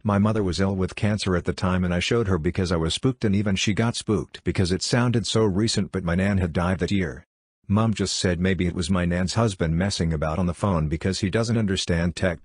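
A man with a very low voice reads spooky tales in a steady, measured way. The sound is dry and close, with no room around it. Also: slightly rough, no room sound. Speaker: narrator. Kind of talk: scripted narration of ghost stories.

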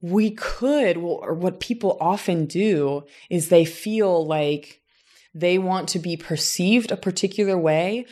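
Woman from Southern Indiana, lowish voice, reflective, casual chat, frequent restarts. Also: darkish tone. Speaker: teacher and voice coach. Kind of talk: casual conversation.

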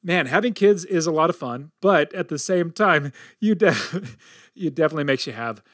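A man's voice: on the high side, moderate pace, no room sound, studio quality. A middle-aged man hosting a podcast, telling a family story in a casual, upbeat way. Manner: energetic and upbeat, tells stories animatedly. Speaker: podcast host.

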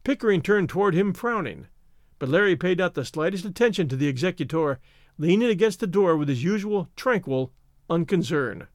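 Male audiobook narrator, lively intonation, slightly high voice, dry close sound. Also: a little fast, dry recording. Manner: expressive, even storytelling. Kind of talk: audiobook reading.

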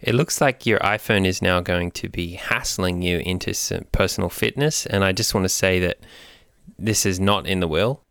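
A man's voice: low-pitched, normal speed, vocal fry, a bit bright, smooth, no room sound, clean studio sound. A man co-hosting a comedy podcast, talking in a rambling, mock-serious way. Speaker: podcast co-host. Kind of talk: comedic commentary.

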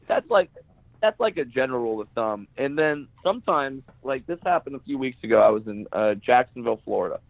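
A man's voice: medium pitch, lively intonation, a little fast, creaky, dry recording, poor audio. A male stand-up comedian on a podcast interview, casually telling blunt, profane stories and acting out the people he quotes.

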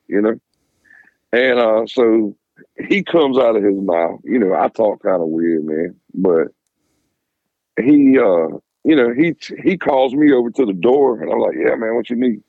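A middle-aged man, a former police officer, telling stories casually in a podcast interview, animated and cursing freely. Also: on the low side, dry recording, phone-quality sound. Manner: animated, swears freely, acts out quoted voices.

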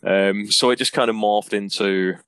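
A man chats loosely as a podcast guest, full of ums and self-deprecating asides. His voice sits very low, and the sound is dry and close. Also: steady tone, moderate pace, a bit bright, smooth, no echo. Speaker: wrestler guest. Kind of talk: casual podcast interview.

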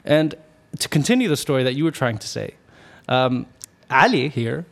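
A man's voice: medium pitch, very animated, normal speed, creaky. Podcast guy telling a long story, rambly, keeps restarting, laughs at himself, regular mid voice. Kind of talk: casual storytelling chat.

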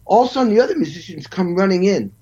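A man spins animated stories about his work as a drummer, slipping into quoted voices and scatting the beats. His voice sits a bit high for a man. The recording sounds dull and lo-fi. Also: rapid-fire, slightly rough. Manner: animated, acts out quotes and vocalizes drum parts. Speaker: guest, session drummer. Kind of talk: storytelling interview.

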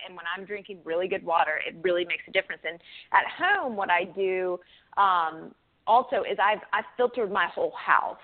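A woman being interviewed as an author, talking casually and chattily with frequent laughs, fillers and restarts. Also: medium pitch. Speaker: guest, author. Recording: phone-like band-limited audio.

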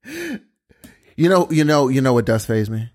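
A man's voice: medium pitch, wildly swooping pitch, measured pace, a little mellow. A man in his forties co-hosting a podcast in casual banter, laid-back and stubborn, rambling as he talks. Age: 40s. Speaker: podcast co-host.

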